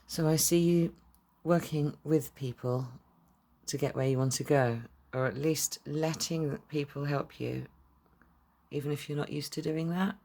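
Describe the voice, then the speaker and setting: Low-voiced chatty tarot reader woman. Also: gravelly, a little mellow. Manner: chatty, rambling, blunt with swearing. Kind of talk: casual tarot reading to camera.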